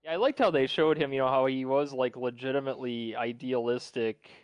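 A man's voice: mid-range voice, a little fast, clean tone, no room sound. A man co-hosting a podcast, chatting loosely and rambling with lots of fillers. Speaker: podcast co-host. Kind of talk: casual chat.

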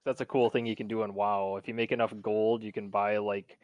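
A man's voice: fairly low pitch, little pitch movement, brisk, no room sound, lo-fi sound. A man co-hosting a podcast, chatting loosely and rambling with lots of fillers. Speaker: podcast co-host. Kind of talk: casual chat.

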